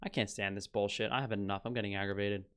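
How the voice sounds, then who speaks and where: A man's voice: fairly low pitch, little pitch movement, fast talker, a bit bright, clear, resonant tone. A young man streaming, ranting with scorn and heavy swearing as he reads headlines aloud. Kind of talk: casual ranting commentary.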